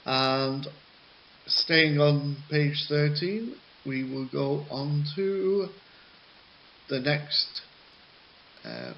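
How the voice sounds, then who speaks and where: A male English teacher talks through exercise answers very slowly, with a patient, jokey manner and plenty of ums. The sound is a little muffled, and a faint hiss runs underneath. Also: a little high, very animated. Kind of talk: recorded classroom lesson.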